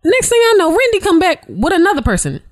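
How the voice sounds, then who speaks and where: A woman's voice: very high-pitched, quick pace, no room sound. Podcast lady telling a wild trip story, cussing, laughing, lots of up and down, dead dry mic. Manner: animated, profane, laughing storyteller. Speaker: podcast co-host. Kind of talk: casual storytelling chat.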